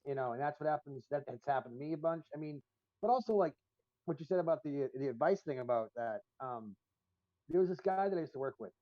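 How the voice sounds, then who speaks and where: A podcast co-host with a higher-pitched, animated voice talks fast, telling long, profane, rambling stories full of fillers in casual chat. The recording is dry, with dull lo-fi stream audio.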